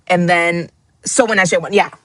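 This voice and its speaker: A woman with a lowish voice and fairly even intonation speaks at a moderate pace, with no room sound. She's a glasses-wearing streamer at her screen hosting a casual live book club, getting emotional, laughing and nearly crying as she rereads passages.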